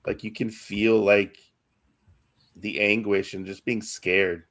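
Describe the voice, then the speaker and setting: Gravelly man musing hesitantly. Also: fairly low pitch, little pitch movement, slow pace, fairly bright tone. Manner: thoughtful, hesitant, asks short questions. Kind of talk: casual comic-book discussion.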